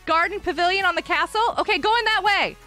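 Very high, excitable woman streamer. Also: a little fast, faint music behind. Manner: excitable, cheers players on, frequent laughs. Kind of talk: live Minecraft stream chat.

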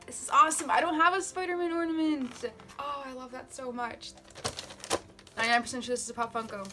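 A young woman vlogging as she unboxes gifts, chatty and gushing with excitement. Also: high voice, fast talker, over music. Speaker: book vlogger. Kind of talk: casual unboxing vlog.

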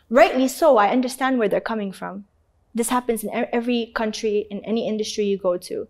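A woman from Canada tells an interviewer a painful story from her past, her voice sitting a little high. She speaks with open emotion and swears casually. She acts out the voices of the people in her story. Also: fast talker, a little mellow. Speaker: interview guest.

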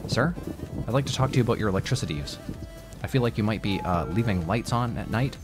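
A man's voice: fairly low pitch, lively intonation, fast, over music, close to an everyday voice. A man voicing an overly polite door-to-door electricity company man, with fawning, apologetic salesman patter. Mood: pushy.

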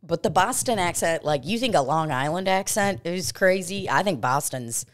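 A woman's voice: on the low side, lively intonation, moderate pace. A woman co-hosting a casual comedy podcast, telling rambling, profane stories and acting out what people said. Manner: profane, rambling storytelling with acted-out quotes. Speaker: podcast co-host.

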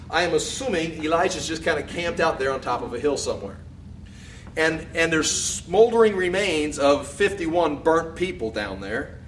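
A man with a fairly high voice teaches through scripture in a relaxed, chatty way. He reads verses aloud, rising in volume and pitch for quoted speech, then drops into offhand comments. He is picked up from some distance, with a faint hum underneath. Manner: lifts his voice louder and higher for quoted speech. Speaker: Bible teacher.

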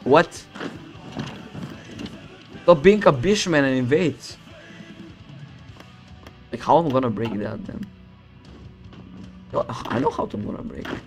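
A young man from the Balkans casually commenting on his strategy game, boasting, swearing and joking to himself as he plays, with loud music behind him. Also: medium pitch, big pitch swings, a little slow, long pauses. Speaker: streamer playing a strategy game. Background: loud background music.

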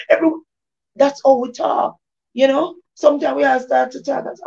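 A woman's voice: sits high, fairly even intonation, fairly quick, gravelly, a little mellow. A woman gives an informal devotional testimony, repeating phrases in an emphatic preaching cadence. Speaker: devotional speaker. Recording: dull lo-fi recording.

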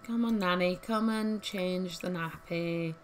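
Taking things slowly in a lowish voice, a woman narrates her life-simulation gameplay with a slight hiss or hum in the audio. As a gaming YouTuber giving relaxed let's-play commentary, she is chatty and giggly while thinking out loud, and faint game music plays.

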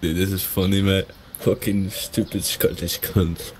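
A man's voice: low voice, level tone, measured pace, a crowd in the background. A man in casual gaming voice chat, blunt and swearing. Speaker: gamer.

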